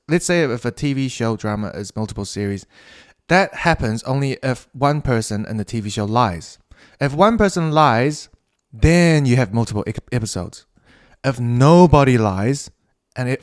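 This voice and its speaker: A man with a New Zealand accent hosting a casual solo podcast. He rambles, swears freely and laughs at his own tangents. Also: medium pitch. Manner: rambling, profane, quick to laugh at himself. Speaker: podcast host.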